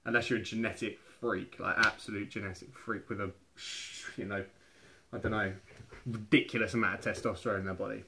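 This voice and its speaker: A man's voice: fairly low pitch, fairly even intonation, a little fast, sharp tone, slight background noise. A young man giving casual fitness advice to camera in a chatty, rambling way, often restarting his phrases. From England. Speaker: fitness vlogger.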